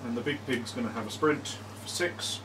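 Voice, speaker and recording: A man telling stories in a wry, animated way during casual chat. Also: mid-range voice, moderate pace. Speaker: guest gamer. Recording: distant mic, faint room noise.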